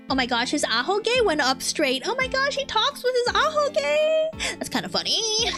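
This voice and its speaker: A woman's voice: very high voice, huge pitch swings, moderate pace. A young woman streaming a game, chatting playfully and reading its dialogue aloud, with game music playing behind her. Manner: playful, giggly, chatty reactions. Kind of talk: casual gameplay commentary, reading dialogue aloud.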